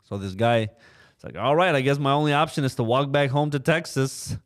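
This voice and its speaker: A man's voice: medium pitch, brisk. A young man telling a story in a casual podcast interview, acting out the voices of the people he quotes and leaning on fillers like "you know". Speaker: trucking company co-owner, podcast guest.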